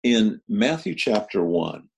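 A man from Kansas giving a recorded sermon as pastor, speaking in an earnest, measured way and rising in pitch to stress key words. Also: very animated, creaky, a little hiss or hum.

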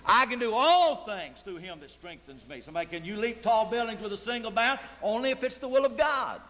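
High bright-voiced preacher man in reverb. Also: expressive, a little fast. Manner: emphatic, rhetorical questions to the congregation. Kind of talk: sermon. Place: church sanctuary. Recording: long church reverb.

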